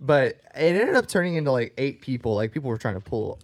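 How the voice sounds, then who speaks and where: A man co-hosting a podcast, animated and laughing often as he tells a story among friends. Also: mid-range voice, quick pace, dry recording, studio quality. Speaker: podcast co-host. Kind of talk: casual chat, storytelling.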